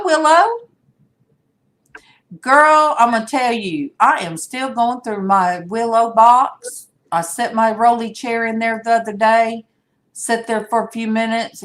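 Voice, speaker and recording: Older woman host, unhurried and chatty, rambles along and greets her viewers by name on a video call. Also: a little high, lively intonation. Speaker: livestream host. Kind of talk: casual livestream chat.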